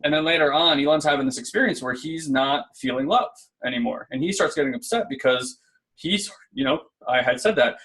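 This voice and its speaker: A man's voice: mid-range voice, a little fast, fairly bright tone. A man co-hosting a casual spiritual self-help talk, earnest and conversational, often checking in with "right?". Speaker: podcast co-host.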